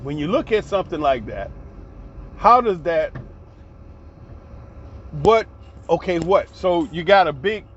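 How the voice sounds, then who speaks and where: A man with a high-pitched voice rants passionately, swearing freely and getting heated as he talks. The recording sounds a little dull and lo-fi, with faint street and traffic noise in the background. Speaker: commentary vlogger. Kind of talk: ranting commentary.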